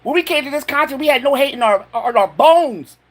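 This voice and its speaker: A man's voice: very high-pitched, expressive, brisk. A man ranting furiously to camera in a home vlog, profane and stammering with anger. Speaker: vlogger.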